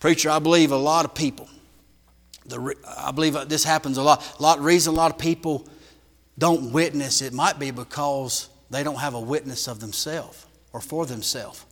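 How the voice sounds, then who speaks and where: A man preaching a sermon in a church, shifting from loud emphatic bursts to hushed lines. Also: on the high side, fairly even intonation, normal speed, long reverb tail. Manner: emphatic preaching with big swings in volume.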